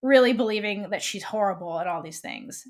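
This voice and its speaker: Animated woman recapping a TV episode. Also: mid-range voice, a little fast. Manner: animated retelling, quoting characters with many likes. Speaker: podcast co-host.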